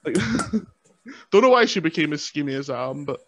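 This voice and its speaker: A man's voice: fairly high pitch, sing-song, unhurried, pauses often. A man with a Scottish accent chatting as a podcast guest, joking and rambling in a self-mocking way. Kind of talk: casual chat. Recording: lo-fi, dull sound.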